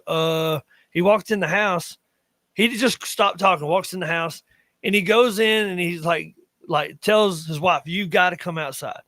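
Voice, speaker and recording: A man in his thirties from western North Carolina, with an Appalachian accent, co-hosts a podcast and tells rambling stories in casual chat, often cutting himself off mid-sentence. His voice sits high with a fairly bright tone, and there's no echo.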